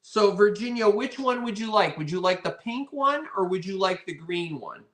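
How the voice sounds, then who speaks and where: A man's voice: sits high, lively intonation, moderate pace, fairly bright tone, echoey room. A man hosting a live online vintage sale, chatty and playful, greeting viewers by name as he shows each item. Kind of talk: live online auction selling.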